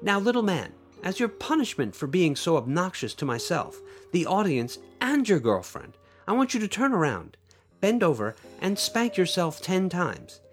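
Domineering woman performer voiced by a man reading, teasing, commanding, lively pitch, faint music behind. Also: moderate pace. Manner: commanding, mocking.

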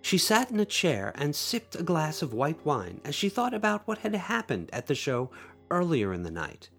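A man hosting a podcast, reading his own short story aloud in an expressive storytelling way, with playful asides to listeners. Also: medium pitch. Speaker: podcast host and author.

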